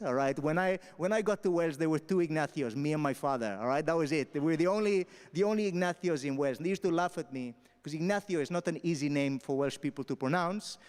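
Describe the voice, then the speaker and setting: Fast-talking Spanish-raised man doing stand-up. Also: a little high, a little mellow, smooth, big-room sound. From Spain. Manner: punchy, keeps tagging lines with "all right?". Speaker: stand-up comedian. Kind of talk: stand-up storytelling on stage. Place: festival stage.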